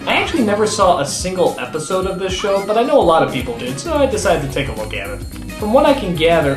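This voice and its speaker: This man reviews with biting sarcasm and big, swinging inflection, and every few lines he breaks into an exaggerated outburst. He sounds like he is in an echoey room, with clear music playing under his voice. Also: on the high side. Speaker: comedic video reviewer. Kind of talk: sarcastic comedic review narration.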